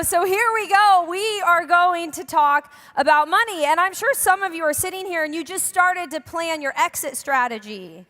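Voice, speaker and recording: A woman's voice: sits high, normal speed, pushed and bright. A young woman preaching a sermon in a church, chatty and joking with the congregation. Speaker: pastor. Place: church hall. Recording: long hall reverb.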